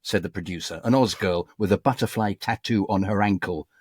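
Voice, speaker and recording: A man's voice: sits low, fairly quick, breathy edge, no room sound, clean studio sound. A man, a voice actor, chatting and reading from his book in a rambling, theatrical, self-mocking way. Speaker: voice actor guest. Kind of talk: casual interview chat, reading from his book.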